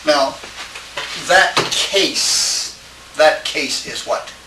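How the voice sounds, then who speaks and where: A man teaching a Greek class, lecturing haltingly and often checking with his students. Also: fairly high pitch, lively intonation. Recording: echoey room, distant mic, faint hiss.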